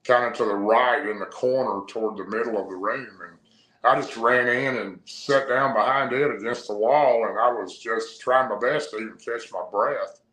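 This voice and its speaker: A man's voice: medium pitch, moderate pace, a bit bright. A man, a guest on a podcast, telling a long personal story in a rambling, breathless way, linking his clauses with "and". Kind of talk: storytelling in a casual interview. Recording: roomy echo.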